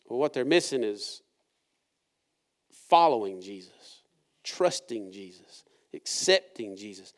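A man preaching a sermon in a church service, reading scripture and asking the congregation earnest, conversational questions. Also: mid-range voice. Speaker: pastor.

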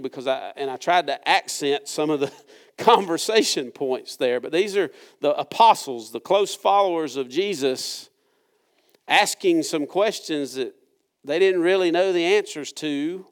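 A man preaching a sermon in a church service, reading scripture and asking the congregation earnest, conversational questions. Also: on the high side. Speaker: pastor.

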